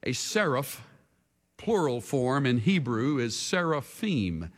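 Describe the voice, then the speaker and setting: A male pastor preaching a sermon, swinging between hushed asides and shouts, leading the congregation in a call-and-response. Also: medium pitch, sing-song, takes it slowly, in a large hall.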